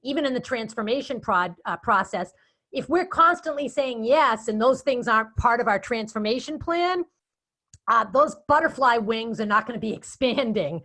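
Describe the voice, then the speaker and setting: Boston-accented woman, interview guest, animated chatty delivery. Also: a little high, moderate pace. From Boston area. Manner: chatty, animated storytelling with quoted asides. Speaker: guest speaker and event moderator. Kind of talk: casual interview chat.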